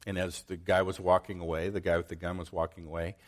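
A middle-aged man preaching a sermon, telling stories with lively swings between loud outbursts and quiet asides. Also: deep voice, fast talker. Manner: animated storytelling, acts out quoted voices, swings loud and soft. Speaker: pastor.

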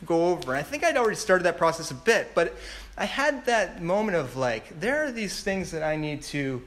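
A man's voice: on the high side, very animated, moderate pace, fairly bright tone. A man in his thirties giving a personal testimony in a rambling way, with many fillers and restarts. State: tearful. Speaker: speaker sharing a testimony.

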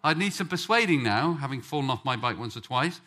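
A man's voice: medium pitch, animated, a little fast, sharp tone. A man from England preaching a sermon, joking with the congregation before telling a story. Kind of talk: sermon with audience banter.

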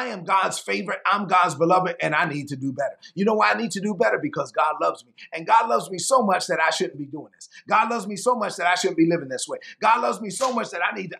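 A man preaching a sermon as pastor, emphatic and repetitive, with a gravelly voice. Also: high-pitched, fairly bright tone.

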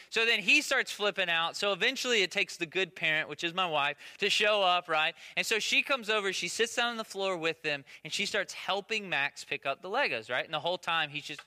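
A man's voice: high voice, lively intonation, a little fast, few pauses, pushed and bright, clear, resonant tone. A man in his thirties preaching a conversational sermon, often checking in with "right?" asides. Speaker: pastor. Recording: long echo of a large hall.

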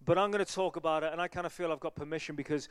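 Earnest evangelist preaching in a reverberant church. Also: male voice, on the high side, steady tone, racing, clean tone. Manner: conversational, earnest, many fillers. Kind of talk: sermon.

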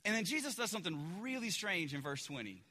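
A male pastor preaching a sermon in a casual, animated storytelling way with lots of fillers. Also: high-pitched, fairly quick, big-room sound.

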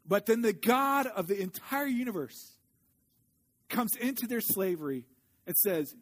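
A man preaching a sermon in an earnest way, slowing down when he reads scripture aloud. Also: high-pitched, lively intonation, fairly bright tone. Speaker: pastor.

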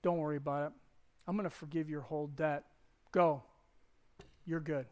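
A man's voice: very high voice, animated, a little fast. A man voicing a wealthy king who speaks in a blunt, offhand, casual way.

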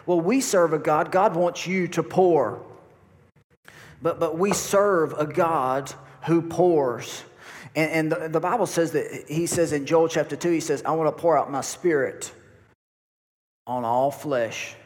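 Pastor guy, kinda high voice, folksy sermon, lots of hall echo. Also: normal speed, darkish tone. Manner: folksy, repeats words, talks to congregation. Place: church hall. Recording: long reverb of a church hall.

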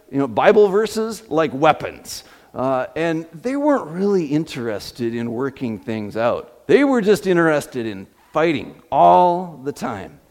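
This pastor's voice is on the high side with a darkish tone. He delivers a sermon through storytelling marked by repeated fillers and restarts, in a hall with a long reverb.

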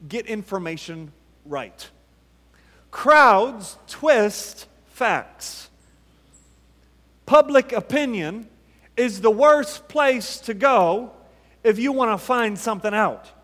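High-voiced pastor preaching in a reverberant hall. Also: male voice, lively intonation, a bit bright. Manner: emphatic, repeats rhetorical questions with dramatic pauses. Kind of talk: sermon. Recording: long reverb from a large hall.

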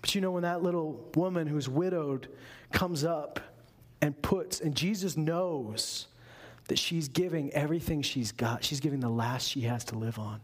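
A man's voice: on the high side, normal speed. A man pastor preaching a sermon in an emphatic, conversational way.

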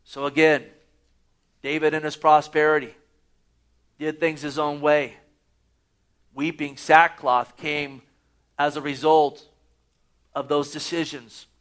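A man's voice: on the high side, level tone, takes it slowly, long pauses, a bit bright, clean tone. A man preaching a sermon, reading scripture aloud and pressing his points with rising emphasis. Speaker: pastor.

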